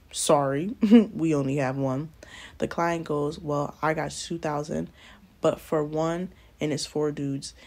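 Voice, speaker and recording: Young woman vlogger, low and fry-heavy, slangy and blunt storyteller. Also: darkish tone. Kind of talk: casual storytime narration. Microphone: close mic, doing nails on camera.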